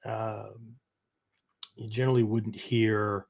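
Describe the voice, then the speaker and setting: A man's voice: on the low side, level tone, slow pace, vocal fry, darkish tone, breathy edge. Rambling man saying "right?". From United States. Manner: peppers talk with "right?" and "okay?"; rambling, self-correcting explanations. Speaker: martial arts podcast host. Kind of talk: casual teaching talk.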